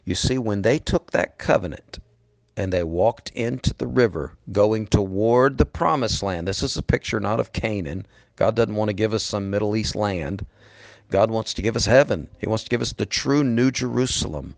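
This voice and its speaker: A man's voice: lowish voice, expressive, moderate pace, vocal fry, dry recording. A middle-aged man preaching a sermon in an earnest, emphatic way, calling his listeners "beloved".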